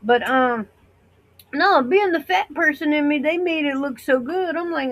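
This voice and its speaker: A woman's voice: high voice, a little slow, a bit bright, poor audio. A middle-aged woman from the United States talking in a chatty, rambling way to her viewers, acting out other people's reactions. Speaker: vlogger. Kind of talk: casual rambling monologue.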